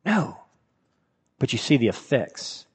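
A man's voice: medium pitch, very animated, slow pace, husky. A man preaching a sermon in a conversational way, asking his listeners rhetorical questions. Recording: reverberant hall.

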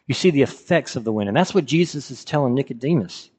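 A man's voice: medium pitch, expressive, quick pace, darkish tone, slightly rough. A man preaching a sermon in a conversational way, asking his listeners rhetorical questions. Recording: reverberant hall.

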